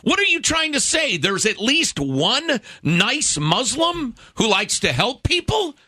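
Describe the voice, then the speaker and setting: Man, radio co-host, sarcastic, exasperated, bright voice, very lively pitch. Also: slow pace, dry recording, studio quality. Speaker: radio talk show co-host. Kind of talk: opinionated talk radio banter.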